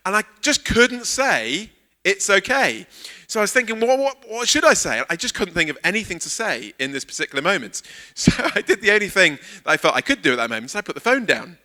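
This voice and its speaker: A man preaching as a guest speaker at a church service, telling a funny personal story and acting out the dialogue. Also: a little high. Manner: animated storyteller, acts out quoted dialogue. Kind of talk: sermon with a humorous personal anecdote.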